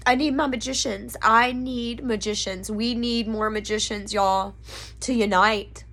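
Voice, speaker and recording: A woman's voice: on the high side, fairly even intonation, a little slow, a bit bright. A woman from Texas, talking casually to camera from her living room, rambling earnestly with many fillers. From Pasadena, Texas, USA. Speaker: occult vlogger. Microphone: camera mic.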